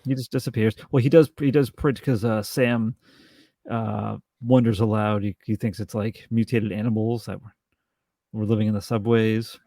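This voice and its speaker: A man co-hosting a podcast, chatting casually about a movie with halting restarts and dry jokes. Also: lowish voice, steady tone, warm tone, no echo. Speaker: podcast co-host. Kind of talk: casual film review chat.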